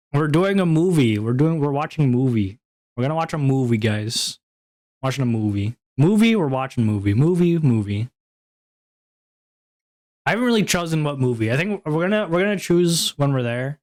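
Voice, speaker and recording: A man's voice: a little high, darkish tone. A young man chatting casually on his stream, rambling and self-deprecating with lots of fillers.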